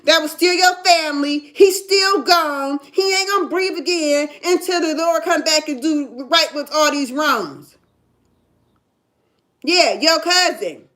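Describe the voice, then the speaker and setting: In Ohio, a middle-aged woman tells her own story casually in a high, fairly bright voice, taking her time. She's emphatic and keeps asking "you understand?"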